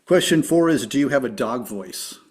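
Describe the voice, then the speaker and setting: A man hosting a podcast interview, upbeat and friendly as he asks his guest quick questions. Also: medium pitch, expressive, darkish tone, breathy edge. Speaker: podcast host. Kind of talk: casual interview.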